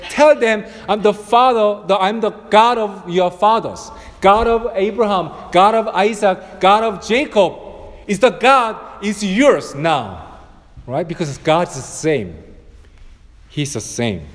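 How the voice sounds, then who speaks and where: A man with a high voice and as a delivers a sermon as pastor. He speaks slowly, leaning on repetition to build each point. His voice rings through a long hall reverb. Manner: preaching with repeated phrases and swelling emphasis.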